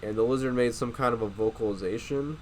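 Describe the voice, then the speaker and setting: A man voicing a calm, precise male field biologist who asks measured, clinical questions. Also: medium pitch, slight background noise, close to an everyday voice, low-quality recording.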